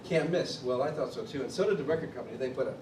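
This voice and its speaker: A man from Chicago tells stories at a drum clinic in an animated way, acting out the people he quotes. His voice sits at an average pitch. He is picked up from across an echoey room with steady background noise. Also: racing, distant mic. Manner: animated storyteller who acts out others' quotes. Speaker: drummer telling his story at a clinic. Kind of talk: storytelling interview.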